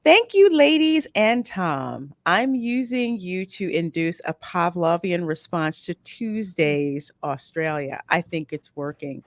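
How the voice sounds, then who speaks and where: A woman co-host on a casual livestream, reading viewer messages aloud between bursts of laughter. Her pitch rises and falls a lot. She talks at an unhurried pace, and the sound is dry and close. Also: big pitch swings, no echo. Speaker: podcast co-host reading donations.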